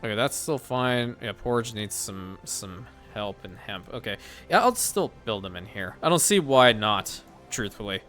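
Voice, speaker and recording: Playing through a game, this male host talks casually and muses aloud, regularly fixing his own sentences midway. His fairly low voice is expressive and fairly bright at a normal speed, with soft music in the background.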